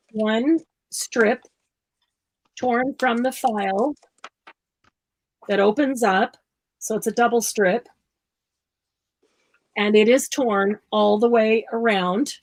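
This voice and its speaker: A woman's voice: fairly high pitch, slow pace, pauses often, poor audio. A woman hosting a live craft tutorial, chatting and explaining each step aloud while she works. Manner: chatty, laughs often, explains steps aloud.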